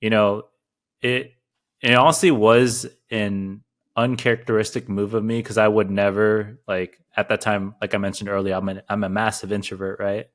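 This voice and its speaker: A man in his twenties co-hosting a podcast, telling stories in a laid-back way, full of slang and swearing. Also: fairly low pitch. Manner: laid-back storyteller, heavy slang and swearing, frequent laughter. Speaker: podcast co-host. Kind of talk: casual chat.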